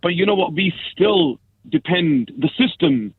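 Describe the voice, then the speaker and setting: Halting man on a tinny phone line. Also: fairly high pitch, animated, husky. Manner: halting, repeats words while explaining. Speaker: guest on a phone-in, former banker.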